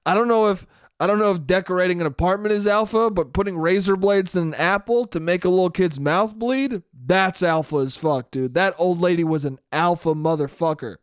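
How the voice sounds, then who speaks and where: A man's voice: high-pitched, a little fast, clean tone, no room sound, studio quality. A young man hosting a solo podcast, rambling through a profane comedic monologue and laughing at his own jokes. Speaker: podcast host.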